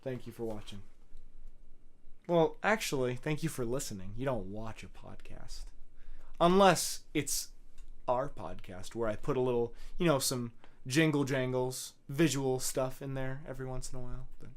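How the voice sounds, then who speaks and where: A man's voice: medium pitch, normal speed. Young male podcast host, solo monologue; earnest, rambling, profane, filler-heavy. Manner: earnest rambling pep talk with frequent swearing and fillers.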